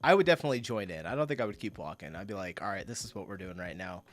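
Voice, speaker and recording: A man's voice: low voice, expressive, racing, no room sound. A man hosting a reaction video, chatting casually and laughing often, with bursts of disbelief. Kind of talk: casual commentary reacting to clips.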